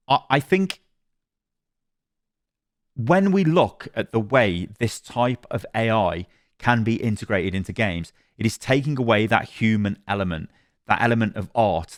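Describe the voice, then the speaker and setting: A man commenting on games, reacting to a review he reads aloud, animated and rambling, with frequent laughs and restarts. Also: fairly low pitch, no echo, studio quality. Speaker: gaming commentator.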